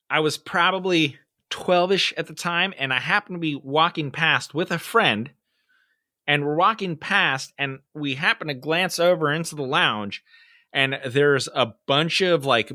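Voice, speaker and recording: A young adult man co-hosting a podcast, telling stories in a casual, animated way and acting out the voices in them. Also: on the high side, dry recording, clean studio sound. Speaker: podcast co-host. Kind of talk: casual storytelling chat.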